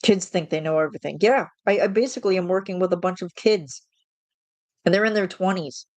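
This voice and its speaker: A woman in her thirties with a lowish voice, ranting in a casual vlog monologue. She sounds fed up and exasperated, stumbling and restarting her sentences as she vents. The sound is dry and close. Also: a little fast, no room sound. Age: 30s. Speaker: vlogger.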